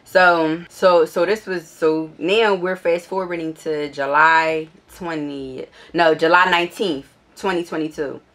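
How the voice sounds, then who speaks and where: A woman with a lowish voice recounting a story on her vlog. She is blunt and profane, and her retelling is animated and casual. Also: a little slow, few pauses. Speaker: storytime vlogger.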